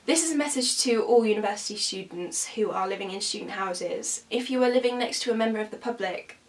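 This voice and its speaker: A woman's voice: medium pitch, a little fast, recorded from a distance. A young woman, a student telling an agitated, emphatic story in a storytime vlog. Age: young adult. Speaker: student vlogger.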